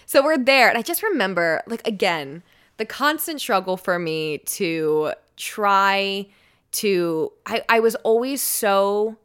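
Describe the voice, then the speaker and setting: Guesting on a podcast, a radio personality from the United States in her twenties shares a personal story in casual chat, her speech full of "like" and "um" fillers. She talks slowly in a smooth, fairly bright mid-range voice with lively intonation.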